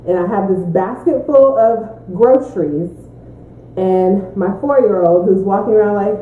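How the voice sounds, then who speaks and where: A woman, a mother, chatting casually in a mukbang Q&A, a lively storyteller who laughs often. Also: on the high side, moderate pace. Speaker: mother answering Q&A. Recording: tinny echoey room recording.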